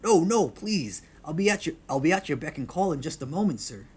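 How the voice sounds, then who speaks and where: A man voicing a portly, charming male rabbit bartender in a visual novel, talking loud and eager. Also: on the high side, very animated, fairly quick, breathy edge, voice pushed up, exaggerated voice.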